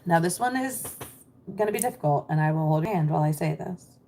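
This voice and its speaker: Low-voiced woman coaching on a livestream. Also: lively intonation, a little fast, slight background noise. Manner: warm, reassuring, chatty, reads chat aloud. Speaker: mindset business coach.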